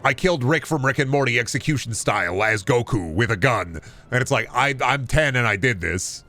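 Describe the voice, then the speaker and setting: A man's voice: medium pitch, lively intonation, fairly quick, sharp tone. A man streaming a video game, chatting casually and riffing on absurd jokes with plenty of profanity. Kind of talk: casual live-stream chat while gaming.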